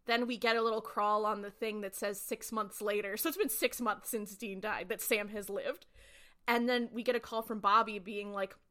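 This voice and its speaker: A woman co-hosting a podcast walks through a TV episode in a loose, chatty recap. She sprinkles "like" into nearly every phrase. Her voice is bright and clear at a middle pitch. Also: steady tone, moderate pace. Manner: chatty, lots of "like" fillers. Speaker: podcast co-host.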